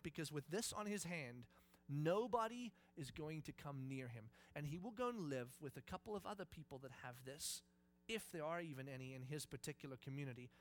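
Male pastor, sermon, high voice, dramatic storytelling, hushed to loud. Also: a little hiss or hum. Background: congregation present.

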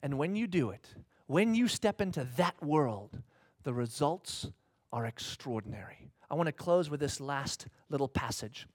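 A man's voice: on the high side, lively intonation, normal speed, no echo, clean studio sound. A man preaching a sermon to a congregation, acting out little dialogues and asking questions of his listeners. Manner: dynamic preaching, acts out dialogue in mock voices, asks the congregation questions. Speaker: pastor.

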